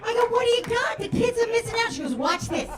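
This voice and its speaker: Brash high-voiced woman doing stand-up. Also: lively intonation, fast, background noise. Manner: brash, profane, acts out quoted voices. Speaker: stand-up comedian. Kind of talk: stand-up set. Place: comedy club stage. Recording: roomy club sound from a distance with crowd.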